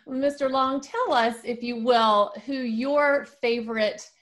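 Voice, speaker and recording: A woman's voice: a little high, takes it slowly, fairly bright tone. A woman, interviewing a guest in a polite, respectful way. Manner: polite and deferential, says sir. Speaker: interviewer, host.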